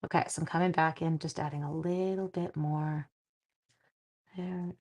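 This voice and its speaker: Making cards live for her viewers, this middle-aged woman from Canada chats and talks through her thoughts while she works. Her voice is deep and darkish, with fairly even intonation and a moderate pace.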